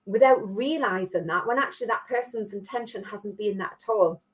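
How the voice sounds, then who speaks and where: A woman with a northeast English Geordie accent talks through a podcast chat in an easy, conversational way. Her voice sits at an ordinary middle pitch, and she keeps pulling her co-host in with little tag questions at the end of her points. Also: brisk. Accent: Geordie, northeast England. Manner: chatty, leans on tag questions. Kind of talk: casual chat.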